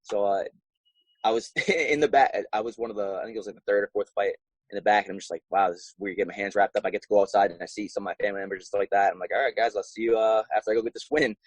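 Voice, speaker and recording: A young man and professional fighter telling his story in a casual interview, animated and acting out his own past reactions. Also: fairly low pitch, racing, slightly rough, dry recording, rough recording.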